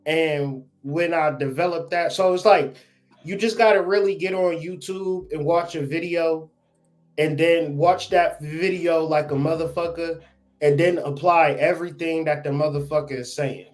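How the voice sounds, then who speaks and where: A man in casual podcast chat, blunt and profane, telling lively stories as the guest. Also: fairly high pitch, normal speed. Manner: blunt, profane, animated storytelling.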